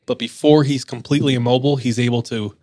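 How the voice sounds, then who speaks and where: A man hosting a podcast, telling ghost stories in a relaxed way with lots of filler words. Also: mid-range voice, fast, dry recording, studio quality. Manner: relaxed, filler-heavy, laughs easily. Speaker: podcast host. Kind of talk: casual spooky storytelling.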